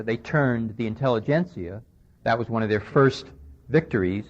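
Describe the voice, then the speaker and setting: A man's voice: medium pitch, darkish tone. Man lecturing on dull lo-fi radio tape. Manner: conversational, recounting dialogue, emphatic. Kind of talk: recorded lecture. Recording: dull lo-fi 1990s radio recording.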